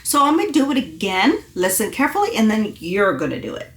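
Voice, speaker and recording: A woman's voice: mid-range voice, big pitch swings, fast. A woman vocal coach leading an online singing lesson, encouraging and demonstrating exercises. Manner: encouraging, demonstrates with sung hoots. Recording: echoey room.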